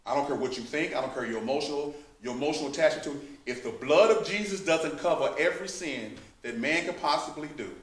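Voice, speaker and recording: A man's voice: a little high, fast talker, few pauses. Fervent preacher man, echoey room. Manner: emphatic, rising to fervent preaching. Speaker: Bible study teacher. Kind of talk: preaching Bible study. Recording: echoey room, mic at a distance.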